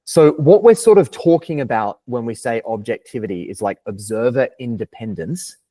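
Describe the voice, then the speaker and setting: A man's voice: medium pitch, lively intonation, moderate pace, warm tone. A young Australian man as a podcast guest, talking in a thoughtful, philosophical way, hedging and restarting his sentences. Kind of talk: casual interview chat.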